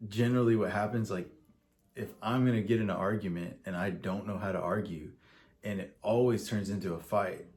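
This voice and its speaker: A man's voice: on the low side, fairly quick, darkish tone. A man co-hosting a relationship advice podcast, talking frankly and earnestly with joking asides. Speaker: podcast co-host. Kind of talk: casual advice chat.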